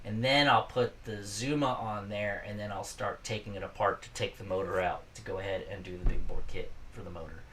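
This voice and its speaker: A man's voice: on the low side, steady tone, a little fast, few pauses, bright, forceful tone, recorded from a distance, a little hiss or hum. A man casually hosting a live stream, rambling and chatting with viewers from his garage workshop.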